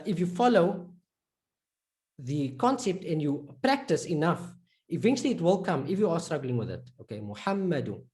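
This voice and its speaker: A woman teaching an online lesson, patiently repeating points, checking in with learners and slowly drawing out example words. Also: fairly low pitch, a little mellow. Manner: slowly drawn-out word demonstrations. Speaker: Arabic reading teacher.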